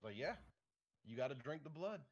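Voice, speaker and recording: A man's voice: medium pitch, normal speed, highs cut off. A young man from Michigan, co-hosting a casual podcast and telling hunting stories with a laid-back, laughing manner. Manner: relaxed storyteller, laughs often. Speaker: podcast co-host.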